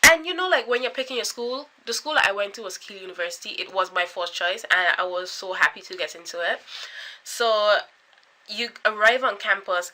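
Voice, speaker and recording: A young woman in her twenties with a Caribbean accent, chatting to camera in an animated, storytelling way. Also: a little high. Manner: animated, chatty, full of filler likes and dramatic quoted reactions. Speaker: vlogger.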